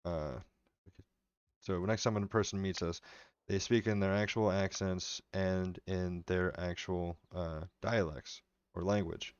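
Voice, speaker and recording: A man's voice: deep voice, steady tone, a little slow, clean tone, no room sound, highs cut off. A man streaming a strategy game live, chatting casually and rambling with his viewers as he plays. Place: home room.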